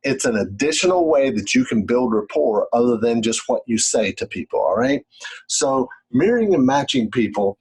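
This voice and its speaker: A man with a husky, slightly rough voice at a middle pitch explains real estate deals to camera in a relaxed, conversational way. He keeps checking in with the listener and sometimes acts out short phone calls to show what he means. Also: normal speed, rough recording. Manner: conversational, often checks in with "right?" and "okay?"; demonstrates by acting out phone calls. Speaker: real estate investor teaching. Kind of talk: casual instructional talk to camera.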